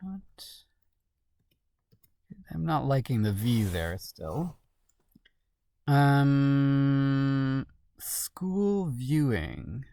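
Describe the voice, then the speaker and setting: A woman's voice: rumbling low, expressive, drawn-out words, pauses often, mellow, no echo, clean studio sound. A woman solving a crossword while thinking aloud, muttering questions to herself. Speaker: crossword solver.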